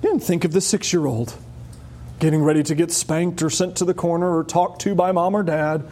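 Male preacher, high tenor, lively verse-by-verse sermon with playful voices. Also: moderate pace, pauses often, a little hiss or hum. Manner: animated, acting out voices with sudden high squeals. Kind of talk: expository sermon.

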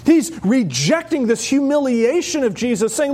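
A man preaching a sermon as pastor, animated and wry, often laughing as he explains a passage. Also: high-pitched, moderate pace.

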